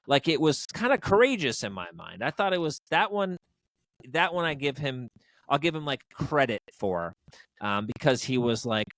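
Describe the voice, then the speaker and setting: A podcast co-host chats casually about movies, rambling and joking with lots of fillers. His medium-pitched voice is sing-song and fairly bright, at a moderate pace, with no echo.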